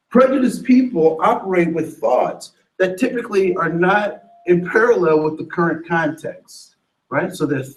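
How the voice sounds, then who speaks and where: A man's voice: high-pitched, poor audio. A man leading a training workshop, telling stories with acted-out voices and putting questions to the room. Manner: animated storyteller acting out voices, asks the audience questions. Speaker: diversity trainer. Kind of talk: workshop lecture.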